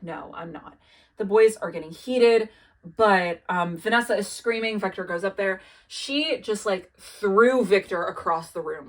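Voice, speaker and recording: A woman's voice: mid-range voice, fairly bright tone. A young woman recapping a show in a rambling, casual way, full of fillers and swearing. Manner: rambling, filler-heavy, swears freely, laughs at her own asides.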